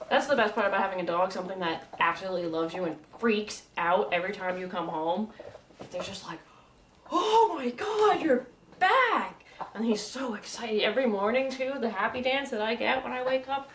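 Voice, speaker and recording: A woman's voice: mid-range voice, fairly quick, a little hiss or hum. A woman in her twenties speaking candidly in a documentary interview, emphatic and full of casual fillers. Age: 20s.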